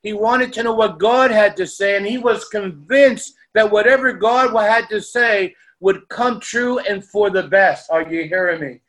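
High-voiced man preaching with fervor. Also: normal speed, hardly any pauses, a bit bright. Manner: fervent preaching with repeated praise calls. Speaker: pastor. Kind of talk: sermon.

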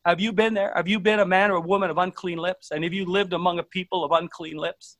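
A man's voice: high-pitched, faint music behind. A man preaching a sermon earnestly, stumbling over restarts as he tells stories to his congregation. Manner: earnest, halting, many restarts.

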